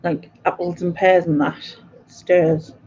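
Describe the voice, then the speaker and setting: A woman with a broad Mackem accent from North East England, hosting a live quiz stream. She chats in an easy, unhurried way, answering viewer comments and laughing often, at a mid pitch. The stream audio is a little dull and lo-fi. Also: level tone, a little mellow, slight background noise. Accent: Mackem, North East English. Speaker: livestream quiz host. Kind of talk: casual chat, reading viewer comments.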